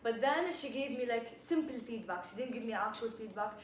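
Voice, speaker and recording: Young female co-host, breathless rapid storyteller, bright high voice, roomy echo. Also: a little hiss or hum. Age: young adult. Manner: rapid, animated storytelling mixing in Arabic words. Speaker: podcast co-host. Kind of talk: casual chat.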